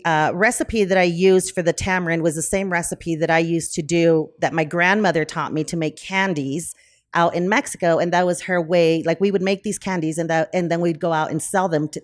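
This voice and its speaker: Brewery-owner guest, woman, fairly low voice, chatty and animated, lots of ums. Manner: animated, acts out quoted conversations; frequent fillers like um and you know. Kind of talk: casual interview storytelling.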